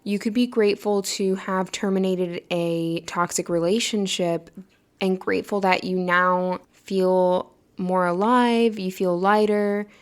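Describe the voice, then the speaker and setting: A woman's voice: mid-range voice, steady tone, a little slow, smooth. Young adult woman, podcast host, earnest and encouraging, casual and rambling. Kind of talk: casual motivational monologue.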